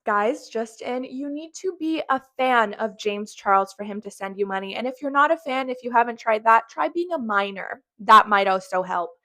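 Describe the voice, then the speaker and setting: A woman's voice: fairly high pitch, animated, normal speed, hardly any pauses, sharp tone. A woman hosting a reaction commentary, ranting angrily with heavy swearing. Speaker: commentary host.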